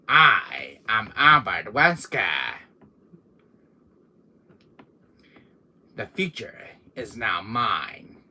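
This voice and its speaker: A man's voice: on the low side, pushed and bright, breathy edge, full character voice. A man playing a vain, menacing male game villain who boasts, curses and slips into whispers during a live stream. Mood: commanding. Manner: boastful, cursing, drops into whispers. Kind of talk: in-character live stream, toy pick-up.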